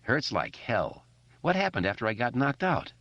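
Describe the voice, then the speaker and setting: Man voicing groggy irritable young man, slow sleepy mutter, dry muffled sound. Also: medium pitch, very animated, a bit bright, dry recording, pitched above the performer's own voice.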